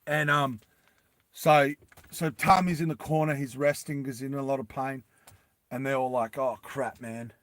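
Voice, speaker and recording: A man casually retelling an adventure story in a rambling, animated way with many fillers. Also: medium pitch, normal speed, no room sound.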